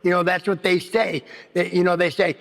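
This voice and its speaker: A man's voice: sits high, flat delivery, normal speed, fairly bright tone. A man giving a rambling personal recovery share at a meeting, full of "you know what I mean.". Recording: long hall reverb.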